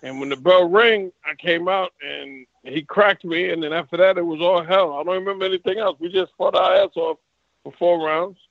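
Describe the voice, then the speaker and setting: A man's voice: high-pitched, normal speed, creaky, no room sound, narrow, tinny audio. A man, a former professional boxer, telling stories from his career in a casual interview and acting out the exchanges he quotes. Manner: animated, acts out quoted exchanges. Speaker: retired boxer, guest.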